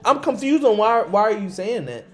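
A man's voice: sits high, very animated, a bit bright, faint music behind. Slangy young man arguing his point. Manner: slangy, argumentative, quick to push back. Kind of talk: casual chat.

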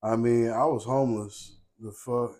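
Profane, streetwise young man, mid-pitched. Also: unhurried. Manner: profane, streetwise storytelling with constant "you know what I'm saying"; gets loud and laughs when animated. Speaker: podcast co-host. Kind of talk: casual chat.

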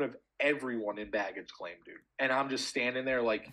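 Young male podcast co-host, husky voice, rambling, profane storyteller. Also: mid-range voice, fairly even intonation, a little fast, hardly any pauses, a bit bright, poor audio. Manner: swears a lot, storytelling with many fillers. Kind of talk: casual chat.

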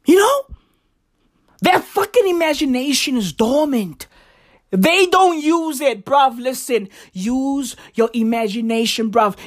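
High, lively profane woman ranting. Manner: profane, slangy, emphatic, swings between shouting and hushed asides. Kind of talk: stand-up style comic rant.

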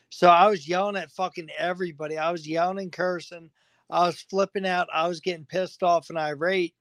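A man's voice: high voice, level tone, fairly quick, fairly bright tone, no room sound. A man guest on a podcast interview, agitated and venting, swearing constantly. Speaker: fighter guest.

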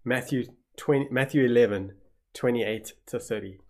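A man's voice: mid-range voice, normal speed, darkish tone. A man with a South African accent preaching a sermon as pastor, telling the story vividly and acting out gasps of shock.

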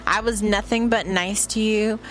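A woman's voice: medium pitch, steady tone, normal speed, a bit bright, faint music behind. A woman in a casual, profane solo monologue from her room, brash and boastful, mixing playful trash talk with laughter.

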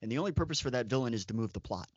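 A man's voice: mid-range voice, expressive, racing, breathy edge, no room sound. A man co-hosting a casual podcast chat, talking in an opinionated way with emphatic asides. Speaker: podcast co-host. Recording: dull, dry lo-fi audio.

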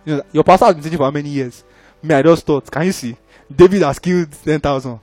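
Fast-talking high-voiced preacher. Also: male voice, faint music behind. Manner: animated, conversational, frequent rhetorical checks. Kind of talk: sermon.

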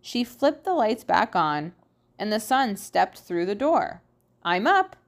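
Expressive woman reading a children's book. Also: mid-range voice, slow. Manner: expressive, sing-song. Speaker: storybook reader. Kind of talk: children's read-aloud narration.

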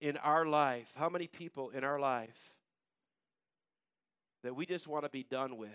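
A man preaching a sermon, retelling scripture in casual everyday words and swinging between loud urgency and quiet, low intensity. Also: unhurried, long pauses, clear, resonant tone, dry recording, studio quality. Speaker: pastor.

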